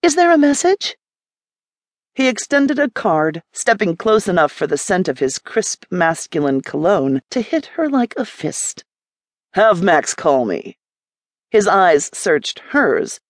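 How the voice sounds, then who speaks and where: A woman narrating an audiobook in scripted, expressive storytelling, recorded in a studio booth. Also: lowish voice, no echo.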